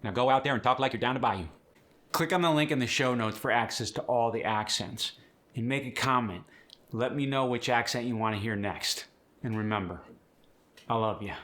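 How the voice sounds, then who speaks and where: A man coaching pronunciation in a clear, upbeat, instructive manner. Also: mid-range voice, moderate pace, fairly bright tone. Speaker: accent coach. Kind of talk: pronunciation tutorial.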